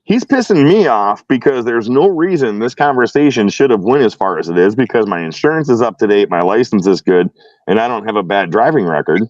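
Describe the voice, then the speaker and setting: Animated man telling a story. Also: fairly low pitch, fairly quick, no echo, lo-fi sound. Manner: animated, acts out both sides of a dialogue. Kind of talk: casual storytelling.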